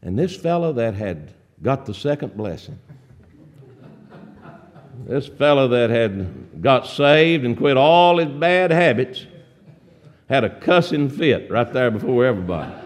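A man from Alabama with a Southern accent, preaching a folksy sermon that swings between loud emphasis and quiet storytelling asides. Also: mid-range voice, sing-song, unhurried, pauses often.

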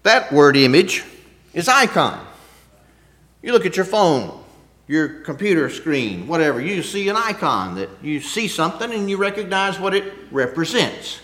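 A man preaching a sermon in a conversational way, asking rhetorical questions and swinging between loud emphasis and quiet asides. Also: on the high side, big pitch swings, measured pace.

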